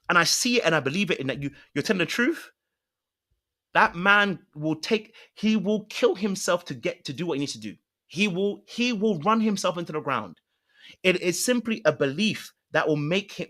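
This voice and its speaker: A man's voice: fairly high pitch, a bit bright. Emphatic man coaching on relationships. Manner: emphatic, repeats "you know what I'm saying to you". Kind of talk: coaching talk to a panel.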